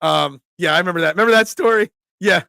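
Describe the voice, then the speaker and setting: High, gravelly talk-show host. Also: male voice, fast talker, no room sound. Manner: animated, emphatic storytelling. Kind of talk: casual talk-show rant.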